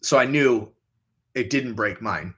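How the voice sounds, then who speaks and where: A man's voice: unhurried, noisy background. A young man hosting a casual livestream, reading viewer questions and rambling in a crude, offhand way. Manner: rambling, crude, jumps into high mocking voices when quoting. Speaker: livestream host.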